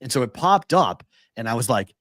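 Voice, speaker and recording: A low-voiced man talks fast with a lively, swinging pitch as he co-hosts a podcast. He tells stories with gusto, acting out quotes and swearing. The recording is dry and close. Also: no echo. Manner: animated storyteller, acts out quotes, swears. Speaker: co-host. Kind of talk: casual podcast chat.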